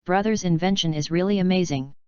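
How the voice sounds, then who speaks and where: A woman's voice: fairly low pitch, brisk, darkish tone, clean tone, no echo, close to an everyday voice. A woman reading a bossy little robot girl. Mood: chirpy. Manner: scolding, then chirpy and polite. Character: young robot girl housekeeper, cheerful and bossy. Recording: dull lo-fi recording.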